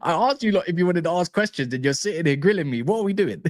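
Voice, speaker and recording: A man hosting a football livestream, chatting casually and reading live comments in a slangy, animated way, often restarting and stumbling over names. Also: fairly high pitch, quick pace, dry recording, studio quality.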